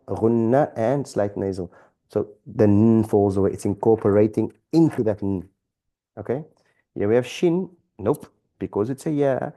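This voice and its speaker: A man's voice: lowish voice, normal speed, warm tone. Patient man teaching Arabic reading. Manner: patient, repeats examples, frequent "okay?" checks; stumbles and restarts phrases. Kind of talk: relaxed classroom-style lesson.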